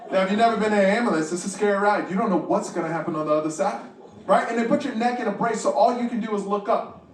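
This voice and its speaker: A male stand-up comedian telling a story with animated delivery, acting out other people's voices and swearing freely. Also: sits high, fast talker. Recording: roomy, distant and noisy.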